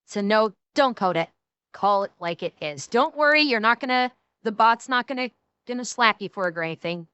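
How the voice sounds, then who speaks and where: A woman's voice: fairly high pitch, animated, fairly quick, pushed and bright, clear, resonant tone, no echo, highs cut off. A woman streamer giving casual reaction commentary, emphatic and ranting, swearing often and swinging between mocking and serious.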